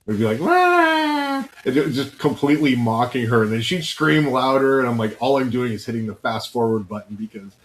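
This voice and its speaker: A man's voice: medium pitch, fast talker, few pauses, a little hiss or hum, low-quality recording. A man co-hosting a podcast in casual chat, telling stories and acting out the voices of people he quotes. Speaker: podcast co-host.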